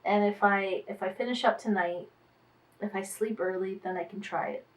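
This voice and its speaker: A woman's voice: mid-range voice, steady tone, moderate pace, distant mic, low-quality recording. A tired woman managing artists talks through her week in a casual diary vlog, sighing and trailing off as she thinks aloud.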